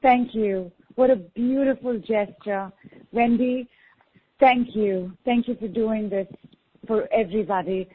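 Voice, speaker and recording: A woman's voice: fairly high pitch, unhurried, breathy edge. A woman speaking as a guest healer on a telesummit call, grateful and touched. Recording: phone-line audio.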